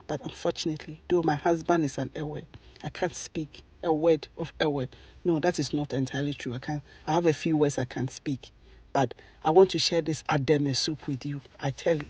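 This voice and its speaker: A Ghanaian woman talks viewers through a recipe in a relaxed, chatty way, checking in with a quick "okay?" or "right?" after almost every step. The sound is dry and close, with no room echo. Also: low-pitched, husky. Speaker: cooking vlogger. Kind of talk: chatty cooking tutorial.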